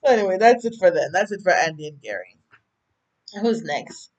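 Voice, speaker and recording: A woman's voice: on the low side, very animated, brisk, a little mellow, muffled recording. A woman with a Jamaican accent, casually recapping a TV episode, chatty and prone to tangents, acting out the characters' lines. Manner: chatty, rambling, goes off on tangents; acts out characters' lines while retelling. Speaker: TV recap vlogger.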